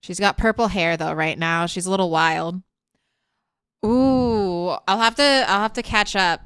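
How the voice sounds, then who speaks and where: A woman's voice: medium pitch, measured pace, a bit bright, smooth, dry recording, clean studio sound. A woman streamer in casual live-stream chat, talking straight to her viewers. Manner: chatty, talks straight to chat.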